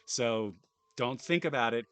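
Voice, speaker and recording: A man's voice: mid-range voice, measured pace, a bit bright, clean tone. A British man streaming live, reading game text aloud with wry, chatty, self-deprecating asides. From United Kingdom.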